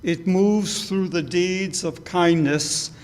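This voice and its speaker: Slow-reading minister in a reverberant hall. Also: male voice, high-pitched, darkish tone. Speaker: minister leading a service. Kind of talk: church service, leading prayers and reading. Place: church sanctuary.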